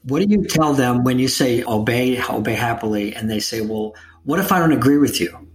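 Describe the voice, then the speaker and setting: A man interviewing an author, speaking in a measured, reflective way about leadership and parenting. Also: medium pitch. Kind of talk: conversational interview.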